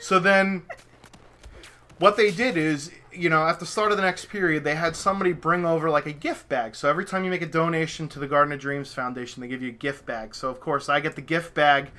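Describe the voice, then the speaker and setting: A young man, a podcast host, telling a story in casual chat, animated and profane, acting out his own reactions. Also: fairly high pitch, brisk, slight background noise.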